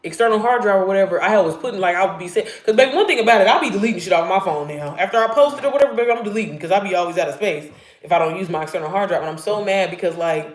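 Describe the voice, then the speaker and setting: A woman in her thirties chatting casually on a live stream about faith and digital marketing. She talks candidly, swears, laughs and swoops up high when excited. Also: racing, echoey room. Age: 30s.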